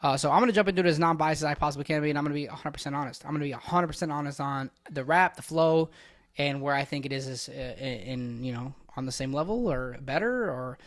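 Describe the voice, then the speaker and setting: A man's voice: fairly high pitch, quick pace. A man hosting a reaction video, giving blunt, opinionated casual commentary that rambles with frequent restarts. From United States.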